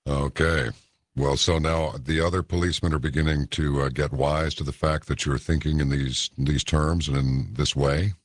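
Man, radio talk host, very deep voice, husky, dry sound. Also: steady tone, moderate pace, dry recording. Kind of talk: late-night radio talk.

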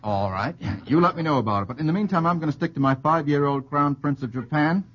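A man's voice: fairly high pitch, a bit bright, slightly rough. A man hosting a radio quiz show, trading quips and laughing at his own puns. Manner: jokey, quick asides, laughs at own puns. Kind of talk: witty quiz-show banter. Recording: dull old radio broadcast with faint hiss.

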